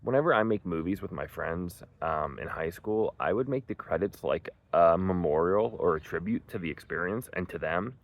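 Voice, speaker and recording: Deep gravelly young man rambling casually. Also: expressive, moderate pace, few pauses. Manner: rambling, enthusiastic, lots of "like" and "um", swears freely. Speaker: movie reviewer. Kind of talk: casual spoken film review.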